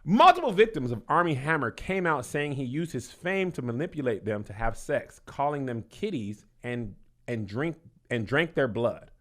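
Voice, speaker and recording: A man hosting a casual comedy talk show, reading posts aloud in lively comic bits. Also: medium pitch, normal speed. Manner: animated, reads tweets aloud with comic voices. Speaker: podcast host.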